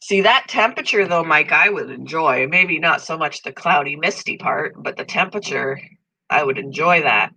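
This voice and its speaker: A woman's voice: deep voice, animated, moderate pace, creaky, breathy edge, poor audio. A middle-aged woman hosting a casual live-stream chat, congested and tired, talking easily with viewers by name. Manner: chatty, talks to viewers by name, coos softly over pets. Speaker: channel host.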